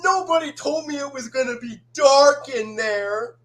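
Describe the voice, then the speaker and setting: A woman doing an impression of a timid young cartoon dragon who is scared of the dark, whining and wailing in panic. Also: high voice, unhurried, pitched above the performer's own voice. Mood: panicked, wailing.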